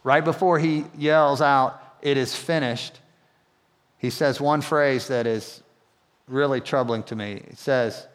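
A pastor preaches a casual, conversational sermon in a church hall, frequently putting questions to the congregation. He has a medium-pitched voice with a steady tone and a slightly slow pace, and the hall's long reverb colors the recording.

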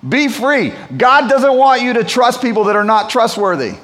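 A man's voice: very high-pitched, animated, normal speed, fairly bright tone. A pastor preaching a sermon to his church in a conversational, storytelling manner. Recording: long hall reverb.

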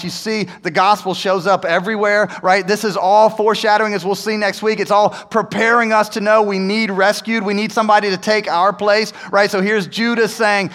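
A man preaching a sermon, telling the story with animated delivery and acting out the characters' lines. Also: high-pitched, moderate pace, hardly any pauses, big-room sound. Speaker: pastor.

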